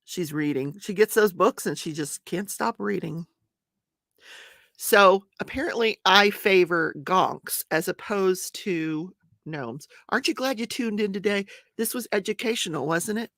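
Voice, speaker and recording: A woman's voice: medium pitch, a little slow, a bit bright, no echo, studio quality. An older woman hosting a casual home livestream, chatting and laughing as she greets viewers by name. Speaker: livestream host.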